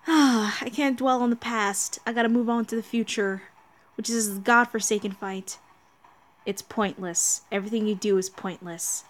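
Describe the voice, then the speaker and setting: A woman's voice: mid-range voice, steady tone, measured pace. A woman hosting a let's play, chatting casually and self-mockingly about the game as she plays. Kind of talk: casual gameplay commentary.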